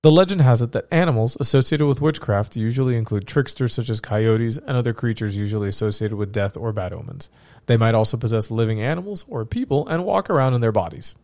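A man who is sick hosts a laid-back podcast, joking and rambling as he reads through his notes. His voice sits at an ordinary middle pitch. It is recorded dry and close, with little room sound. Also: fast, darkish tone, no echo. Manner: joking, rambling, self-interrupting. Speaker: podcast host. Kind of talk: casual podcast chat and reading research.

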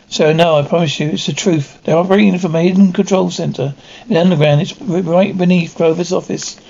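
A man's voice: high-pitched, steady tone, a little fast, vocal fry, a little mellow. A man reading out an audio description of an episode, speaking every part himself with frequent slips and restarts. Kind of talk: reading a described episode aloud, voicing all parts plainly. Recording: dull lo-fi recording with faint noise.

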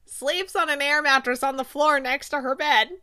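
A young woman hosting a casual TV recap, gushing and excitable as she talks. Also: sits high, normal speed. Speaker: podcast host.

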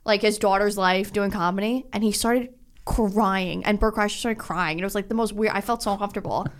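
A woman's voice: mid-range voice, a little fast. A woman co-hosting a podcast, chatting casually and telling stories animatedly. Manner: chatty, animated storytelling with quoted voices. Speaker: podcast co-host. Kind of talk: casual chat.

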